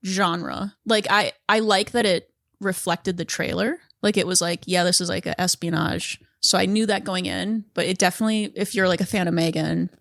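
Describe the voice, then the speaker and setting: A woman's voice: fairly low pitch, steady tone, normal speed, gravelly, fairly bright tone, no echo, studio quality. A woman co-hosting a podcast, chatting casually with plenty of "like" fillers, frequent laughter and casual swearing. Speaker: podcast co-host. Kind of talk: casual chat.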